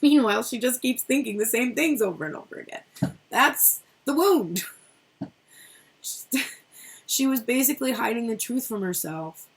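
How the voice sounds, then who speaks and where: A woman's voice: fairly high pitch, normal speed, long pauses, breathy edge. A middle-aged woman giving a casual tarot reading, chatty and rambling, who swears freely. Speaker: tarot reader.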